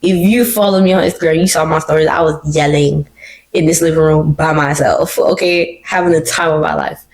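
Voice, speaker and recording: A woman hosting her own podcast, talking alone in an animated, emotional and slangy way. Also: low-pitched, a little fast, rough recording. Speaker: podcast host. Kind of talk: casual solo commentary. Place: living room.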